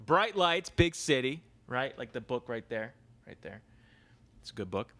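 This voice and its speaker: A young man rambles through a solo podcast in loose, casual talk. He swears freely and drifts from topic to topic. His voice sits in an ordinary middle pitch. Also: big pitch swings, measured pace, a bit bright. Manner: crude, rambling, swears a lot. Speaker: podcast host.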